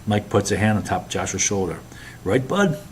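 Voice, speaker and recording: A man narrating an audiobook in a plain, even storytelling manner. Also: sits low, fast talker, slight background noise. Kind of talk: scripted narration.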